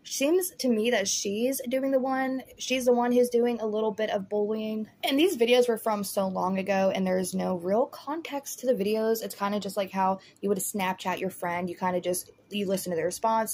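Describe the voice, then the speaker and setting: A woman's voice: medium pitch, a little fast, few pauses, a little mellow, slightly rough. A woman hosting a casual commentary vlog, talking in a chatty, rambling way full of "like" and "you know". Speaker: commentary host.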